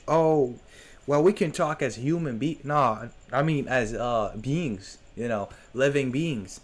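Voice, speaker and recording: Slow-talking guy joking through a horror game. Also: medium pitch. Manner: joking, talks back to the game. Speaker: gaming streamer. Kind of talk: horror game let's play commentary.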